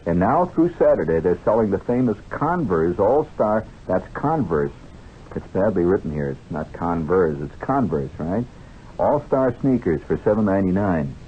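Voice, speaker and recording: A very deep-voiced man hosts a radio show, wandering through the ads with wry, joking asides. The vintage broadcast sounds dull and muffled, with a faint hiss underneath. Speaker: radio host reading commercials. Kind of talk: casual radio monologue.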